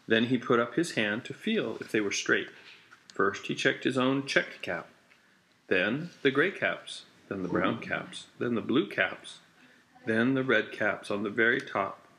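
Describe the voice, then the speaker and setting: Slow, bright-voiced man reading a storybook. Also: medium pitch, expressive. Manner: slow, deliberate, repetitive storytelling cadence. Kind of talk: children's picture book read-aloud.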